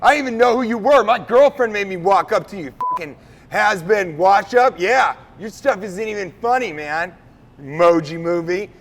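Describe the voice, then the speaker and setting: A man putting on the voice of a rude, angry young male fan who shouts insults. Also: lively intonation, normal speed, in a large hall. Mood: furious. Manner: shouting insults, high and loud.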